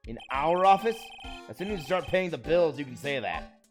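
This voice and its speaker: A man's voice: fairly high pitch, expressive, brisk, pitched above the performer's own voice, natural voice. A man voicing a dry, sarcastic young male lawyer in a video game. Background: video game music.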